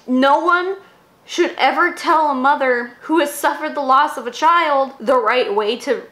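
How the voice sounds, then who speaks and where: High-voiced woman ranting emotionally. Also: moderate pace, a bit bright, reverberant. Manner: emotional, swears a lot. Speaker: YouTube host. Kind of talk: casual commentary vlog.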